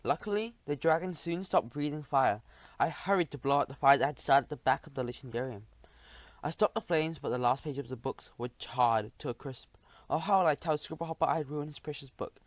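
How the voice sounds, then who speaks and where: A man narrating a children's adventure audiobook in the first person, telling it in an expressive, dramatic way. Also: a little high, brisk, no echo, rough recording.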